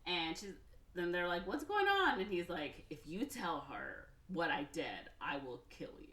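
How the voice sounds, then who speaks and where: A woman podcast host casually retelling a film's plot, slipping into quick voices for each character. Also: on the low side, a bit bright. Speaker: podcast host recapping a film. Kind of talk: casual chat. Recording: echoey room, somewhat far from mic.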